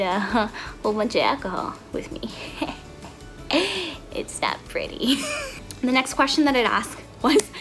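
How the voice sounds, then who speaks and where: A woman's voice: medium pitch, fairly bright tone. A woman in her twenties chatting casually to camera in a get-to-know-me vlog, bubbly and giggly, rambling from topic to topic. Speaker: vlogger. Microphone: camera mic, talking to camera.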